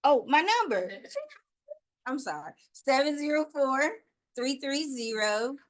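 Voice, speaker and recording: A woman's voice: high-pitched, lively intonation. Joking Southern woman with a country accent. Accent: Southern US, North Carolina country. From North Carolina, USA. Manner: chatty, joking, spells things out slowly. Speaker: new-home sales agent. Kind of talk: pitch to a team meeting.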